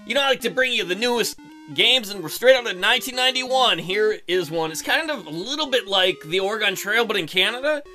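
A man's voice: sits high, animated, brisk, bright, forceful tone, soft background music. A man hosting a let's play video, joking crudely and reading game text aloud, with keyboard typing behind him. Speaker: gaming video host. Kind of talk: casual let's play commentary.

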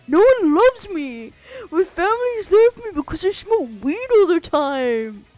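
Brief: dazed drawling stoner dude, high and swooping, as a woman mocks him. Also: big pitch swings, slow pace, darkish tone, faint music behind, full character voice, low-quality recording. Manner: mocking, slurred drawl. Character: dim-witted drawling male stoner, slow and dazed.

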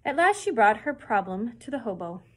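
Librarian reading a chapter book for kids, steady and clear. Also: female voice, a little high, normal speed. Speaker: children's librarian.

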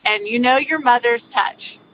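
An older woman with a fairly high voice tells her own ghost story in a relaxed, earnest way, often pausing as she goes. The recording sounds a little muffled, with soft music playing underneath. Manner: earnest, meandering, with many pauses. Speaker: caller sharing a ghost story. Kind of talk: casual personal storytelling. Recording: slightly muffled, faint music behind.

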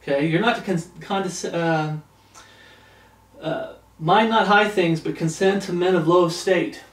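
A man's voice: high voice, far from the mic. Man preaching in a roomy echo. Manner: reads verses slowly with rising emphasis, then comments bluntly. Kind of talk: sermon reading scripture.

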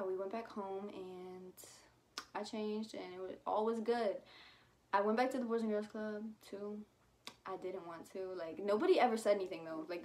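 A young woman talking straight to her viewers in a relaxed vlog, her pitch sitting in an ordinary middle range. She rambles along casually, dropping "like" every few words and slipping into slang. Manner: chatty, lots of "like" fillers, slangy. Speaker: YouTuber.

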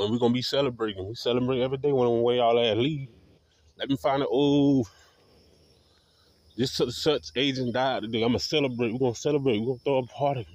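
A man's voice: medium pitch, a little mellow, no room sound, highs cut off. A man vlogging in a combative, profane ranting monologue, talking defiantly. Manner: combative, defiant, heavy swearing.

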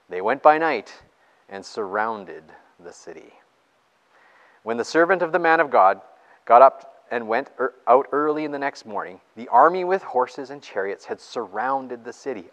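An enthusiastic pastor preaches a sermon and reads scripture in a lively, mid-range voice that swoops up and down at a moderate pace. His tone stays chatty and he often laughs between points, while the long echo of a church hall rings around him.

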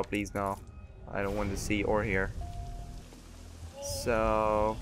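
A man giving casual, joking gameplay commentary and talking back to the game's characters. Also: lowish voice. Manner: joking, chatty, talks back to game characters. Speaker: let's play gamer.

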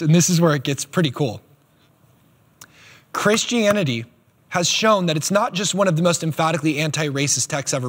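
A man preaching a sermon as pastor, animated and emphatic, with quick asides. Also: fairly high pitch. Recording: long hall reverb.

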